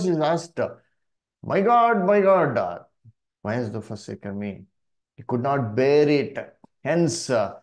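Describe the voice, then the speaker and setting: A man with an Indian English accent teaching a Bible study in a sermon style, speaking haltingly with many fillers and calling the listeners "dear brethren". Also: medium pitch, a little mellow. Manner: slow, halting delivery with many "uh" and "you see" fillers.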